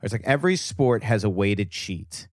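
A man telling a story as a comedian guest on a casual podcast, animated and rambling, repeating words. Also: fairly low pitch, normal speed, no room sound, studio quality.

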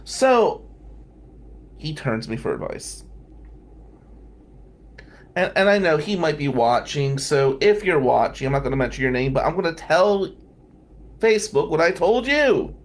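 A man's voice: fairly high pitch, sing-song, a little slow, long pauses. A man from New Jersey, a defense lawyer, telling a wry, self-mocking story in a casual podcast chat.

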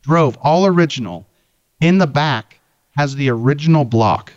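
Man, casual storyteller, salty and animated, dry close sound, a bit dull. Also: on the high side, normal speed, dry recording. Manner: animated, profane anecdote-telling. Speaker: guest, Jeep owner.

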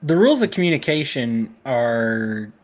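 A man's voice: mid-range voice, big pitch swings, measured pace. A man hosting a casual podcast discussion, agreeing with and building on his co-host's point. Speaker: podcast host.

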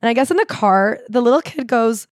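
A woman co-hosting a casual book podcast, retelling a story with animated acted-out quotes and frequent swearing. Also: on the high side, a little fast, dry recording, clean studio sound. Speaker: podcast co-host. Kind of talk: casual book-recap chat.

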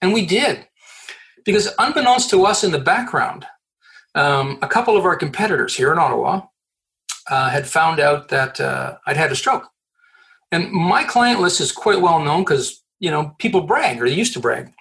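A middle-aged man from Canada, a guest in an interview, telling a story in an animated way, laughing and acting out the voices he quotes. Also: on the high side, moderate pace, creaky, rough recording. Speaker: guest, recruiter. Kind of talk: storytelling in a conversation.

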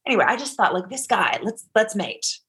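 A woman's voice: mid-range voice, sing-song, a little fast, a bit bright, slightly rough. Rambling, foul-mouthed middle-aged woman. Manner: rambling, profane, heavy use of "like". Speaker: guest. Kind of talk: casual interview storytelling.

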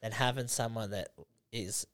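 A man's voice: fairly low pitch, steady tone, moderate pace, fairly bright tone, no echo. A man hosting a podcast, chatting casually, swearing freely and telling stories with little voiced mimicry. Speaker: podcast host. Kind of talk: casual chat.

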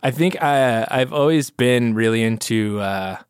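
A man talking as a guest on a casual podcast, laughing easily and wandering through his thoughts while poking fun at himself. His pitch is ordinary and mid-range, and the sound is dry and close. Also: unhurried, smooth, dry recording. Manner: laughs often, rambling and self-mocking. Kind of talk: casual chat.

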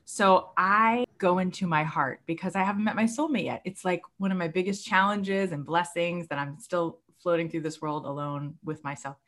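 A young woman telling a personal story in conversation, expressive and quick to act out other people's voices. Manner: expressive, acts out quoted voices with big pitch jumps. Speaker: guest.

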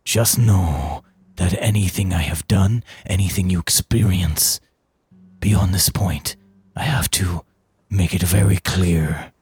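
A man's voice: low-pitched, slow pace, a little mellow, husky, pitched below the performer's own voice, full character voice. A man voicing an intense, wizened older male mentor who speaks urgently and earnestly.

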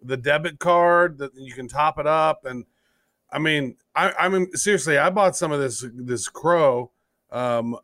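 A man's voice: a little high, unhurried, fairly bright tone, no echo, clean studio sound. A man co-hosting a casual crypto podcast, joking and bantering with his partner. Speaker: podcast co-host.

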